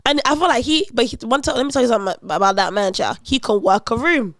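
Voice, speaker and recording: High-voiced woman telling stories. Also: fast talker, no room sound, studio quality. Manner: animated, dramatic retelling with laughter. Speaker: podcast host. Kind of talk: casual storytelling chat.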